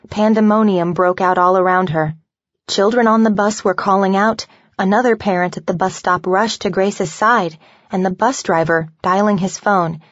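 A woman narrating a novel aloud in an even, measured storytelling voice. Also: mid-range voice, no echo, lo-fi sound. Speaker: audiobook narrator.

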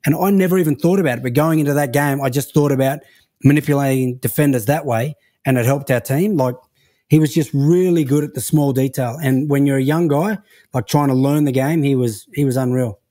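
An Australian man, a guest telling relaxed anecdotes in a casual interview over a video call from home. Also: mid-range voice, a little fast.

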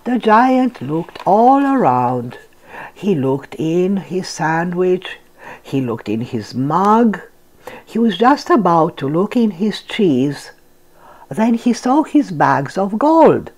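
An older woman reads a picture book aloud to little ones, slow and gentle. Her voice is on the low side and swings widely up and down to bring the story alive. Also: big pitch swings. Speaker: storyteller, channel host. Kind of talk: children's read-aloud storytelling.

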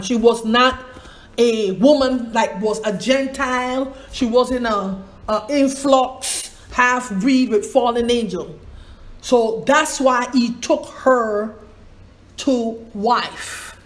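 Woman Bible teacher, high voice, unhurried, digressive, spells names aloud. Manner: digressive, asks rhetorical questions, spells out names.

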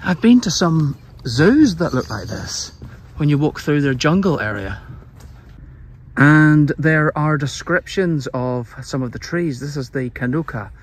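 A man's voice: fairly high pitch, expressive, a little slow, husky. A man vlogging as he walks outdoors, chatting and pointing things out along the way. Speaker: travel vlogger. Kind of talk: walking tour commentary. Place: outdoors, on a beach and vineyard paths. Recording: outdoor noise behind the voice.

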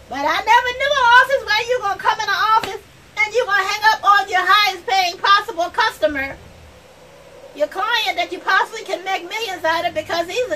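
Sassy high-voiced woman, far from mic. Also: pushed and bright, slight background noise. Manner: sassy, repetitive, addresses the audience directly. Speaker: comedy sketch performer. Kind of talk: comic monologue in character as an office worker. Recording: voice from far off the mic, faint ambience.

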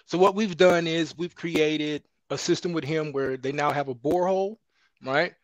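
A male guest on an online panel, explaining his position calmly and checking with "right?". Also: on the high side, moderate pace, dry recording. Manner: calm explaining, repeats "right?". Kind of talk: debate on a panel.

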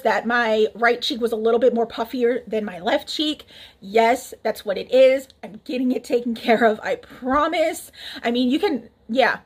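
Vlogger, woman, high-pitched, chatty and relaxed, laughs easily. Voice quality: speaking with a swollen cheek. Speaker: beauty reviewer. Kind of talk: casual makeup review vlog.

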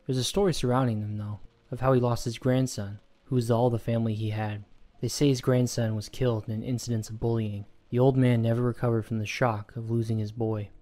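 A man narrating a first-person horror story in a steady, measured way. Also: mid-range voice.

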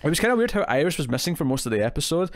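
A man's voice: on the high side, very animated, racing, no room sound. Rambling man reviewing TV, dry mic. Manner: rambling, lots of fillers and quoted asides. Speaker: podcast co-host. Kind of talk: casual TV review chat.

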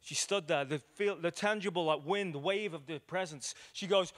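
A male evangelist preaching a sermon, telling stories with acted quotes and swinging between loud declarations and hushed moments. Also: a little high, normal speed, few pauses. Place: church hall.

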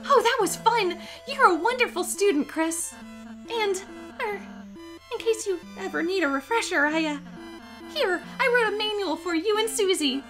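A woman voicing a shy, gentle young male goat-like creature, reading his lines in a sweet, hesitant, encouraging way. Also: very high-pitched, lively intonation, moderate pace, faint music behind. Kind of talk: reading game dialogue aloud.

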